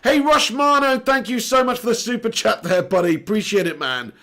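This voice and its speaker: A man's voice: very high voice, a little fast, sharp tone. A young man hosting a live football watch-along, chatting and joking while he reads out viewers' comments. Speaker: live stream host.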